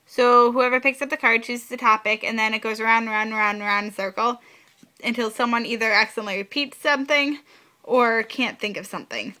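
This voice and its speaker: Bright, chatty young woman vlogger. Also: on the high side, fairly quick. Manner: chatty, blunt, repeats herself for emphasis. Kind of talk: casual board game explainer vlog.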